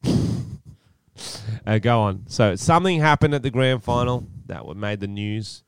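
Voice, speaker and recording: A man's voice: medium pitch, expressive, normal speed, smooth, dry recording, clean studio sound. A man with an Australian accent co-hosting a casual comedy podcast, joking around. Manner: joking, slips into silly put-on voices. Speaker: podcast co-host.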